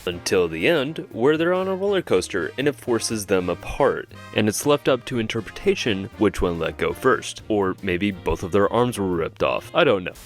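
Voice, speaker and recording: A man's voice: on the low side, expressive, normal speed, few pauses, soft background music. A man in his twenties hosting an animation channel, giving joking, self-deprecating comedic commentary.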